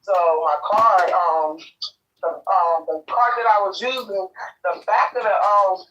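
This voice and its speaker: A woman's voice: mid-range voice, fairly even intonation, unhurried, a bit bright, distant mic, a little hiss or hum. A woman on a phone call while walking back from a store, hesitant and full of fillers. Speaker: caller, host's sister. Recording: muffled speakerphone call from afar.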